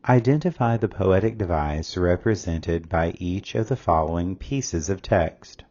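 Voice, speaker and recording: A man reading a scripted test-prep lesson as a tutor, reading questions and answer options aloud in a measured way. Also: low voice, a little mellow, highs cut off.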